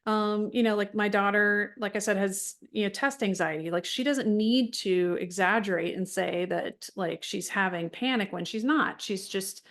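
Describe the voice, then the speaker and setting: A woman's voice: mid-range voice, moderate pace, hardly any pauses, fairly bright tone. Middle-aged woman, wellness group leader, frank and chatty, mid-range voice, lots of "like" and restarts. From United States. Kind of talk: casual talk to a support group.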